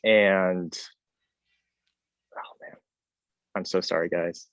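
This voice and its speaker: A man's voice: deep voice, fairly even intonation, extremely slow, no echo. Hesitant young man on dull audio. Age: late teens. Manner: hesitant, loses his train of thought, emotional. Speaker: high school student band leader. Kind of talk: online panel discussion.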